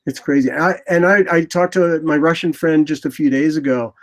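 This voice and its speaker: Animated older man telling road stories. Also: on the high side, moderate pace. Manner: animated, rambling anecdotes with lively quoted asides. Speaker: motorcycle photographer guest. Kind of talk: casual interview storytelling.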